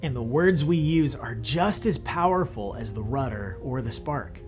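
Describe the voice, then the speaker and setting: A man's voice: medium pitch, lively intonation, unhurried, faint music behind. A young man teaching a scripted Bible lesson to children in a friendly, patient way.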